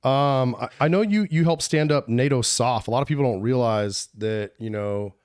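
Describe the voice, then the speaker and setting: A man's voice: medium pitch, moderate pace, darkish tone, clear, resonant tone, dry recording, studio quality. A man hosting a podcast, asking his guest easygoing questions. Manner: easygoing questions, says "you know" often. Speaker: podcast host. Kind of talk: casual interview.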